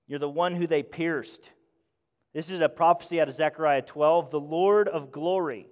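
A man preaching a sermon with passion, swinging between loud emphatic bursts and hushed, intimate moments. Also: fairly high pitch, steady tone, normal speed. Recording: long hall reverb.

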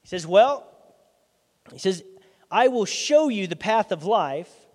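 A man with a notably high voice delivers a sermon in a conversational, animated style. His volume rises and falls sharply between quiet asides and emphatic bursts. The recording carries a long, lingering reverb from a church sanctuary. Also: takes it slowly. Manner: lively, conversational preaching with dramatic swings in loudness. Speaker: pastor.

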